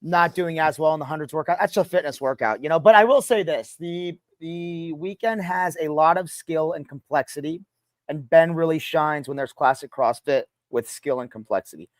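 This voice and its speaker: A man's voice: fairly high pitch, moderate pace, no room sound. A man giving blunt sports analysis in casual podcast talk.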